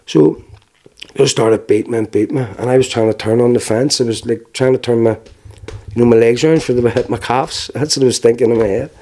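A man with a Belfast accent giving a halting, plainspoken personal account, with restarts and wry laughs. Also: medium pitch, dark tone. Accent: Northern Irish, Belfast. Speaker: interviewee. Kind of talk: personal testimony.

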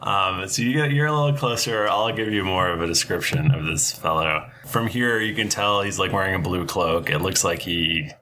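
A man's voice: low-pitched, moderate pace, hardly any pauses, pushed and bright, a little hiss or hum. A man running a tabletop game as the game master, describing the scene with frequent hesitations.

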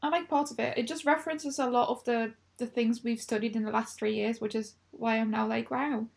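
Chatty young woman, higher voice. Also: flat delivery, a little fast, creaky. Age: 20s. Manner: laughs often, chatty. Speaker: podcast co-host. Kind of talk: casual book club chat.

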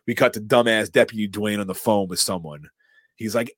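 A man with a somewhat low voice retells a film scene by scene for his podcast, acting out the characters' lines as he goes. His talk is loose and casual, with the odd swear word. The sound is dry and close, with no room around it. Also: moderate pace, breathy edge, no echo. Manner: animated storyteller, acts out quotes and swears casually. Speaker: podcast co-host recapping a film. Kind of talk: casual chat, scene-by-scene recap.

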